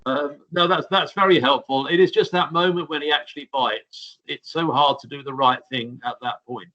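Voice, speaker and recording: Male caller, self-deprecating, bright tone, dull video call sound. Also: a little high, steady tone, moderate pace, dry recording. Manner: good-humored and self-deprecating. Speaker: puppy raiser, caller. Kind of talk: casual video call chat. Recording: muffled video call audio.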